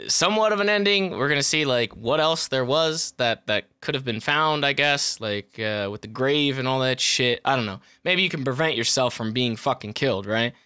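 A man's voice: medium pitch, sharp tone, smooth. A man giving let's play commentary who swears a lot, yelps when startled and jokes to himself between bursts. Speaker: gaming YouTuber.

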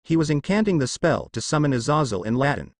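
A man narrating a fanfiction story in a steady storytelling manner. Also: a little high, quick pace, no echo, clean studio sound. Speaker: story reader.

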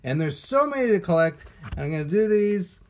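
Middle-aged man, unboxing host, lively up-and-down pitch, chatty. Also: moderate pace. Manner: chatty, rambling, talks to viewers. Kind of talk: casual live-stream chat. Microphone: phone camera.

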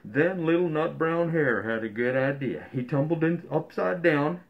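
A man reads a picture book aloud in a folksy way, dropping in gentle joking asides. His voice sits fairly high for a man. The recording is a little muffled and dull. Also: moderate pace, vocal fry. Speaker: storyteller reading a picture book. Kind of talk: storybook read-aloud.

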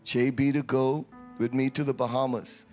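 A man serves as pastor, leading announcements and prayer in a church sanctuary. He teases members by name and calls for answers from the congregation. His pitch sits in a middling range, and a faint musical instrument plays behind him. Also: flat delivery, moderate pace, darkish tone, soft background music. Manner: playful, teasing, call-and-response with congregation.

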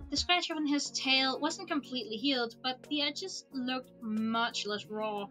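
A woman streamer reading a book aloud in a relaxed way, dropping small casual asides. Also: high voice. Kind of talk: storybook read-aloud.

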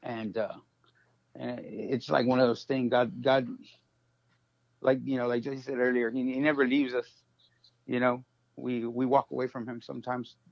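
A man sharing a personal struggle in a halting, emotional way, full of fillers, on a phone. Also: medium pitch, level tone, gravelly, no room sound. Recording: dull dry phone audio.

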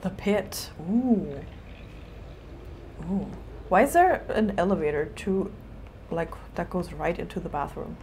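A woman streamer with a slightly low voice who chats casually through her gameplay. She swears freely and talks back to the game. There is a faint hiss of noise behind her. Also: expressive, slow, long pauses, darkish tone.

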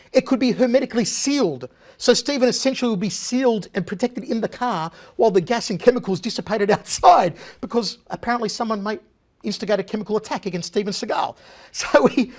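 A middle-aged man telling a comic anecdote as a guest on a talk show, animated and chatty. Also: high voice. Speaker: guest, former TV interviewer. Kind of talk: casual storytelling anecdote.

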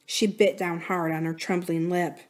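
A woman reading a children's novel aloud in a library storytime series, with expressive, dramatic delivery. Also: lowish voice, moderate pace.

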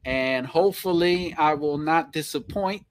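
Speaking a little slowly in a slightly high voice, a man with a heavy New York accent hosts an easygoing live stream. He jokes around, reads comments from viewers aloud, repeats himself, and keeps chuckling.

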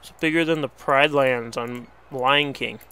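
A man's voice: mid-range voice, steady tone, measured pace, sharp tone, clear, resonant tone. A young man commentating on his game, exasperated and pleading, swearing at the animals as he plays. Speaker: let's play host. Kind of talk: casual gameplay commentary.

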